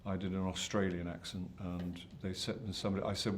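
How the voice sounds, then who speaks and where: A man's voice: sits low, little pitch movement, brisk. An older man, an actor answering interview questions in a hesitant, self-deprecating way with many restarts. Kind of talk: press junket interview.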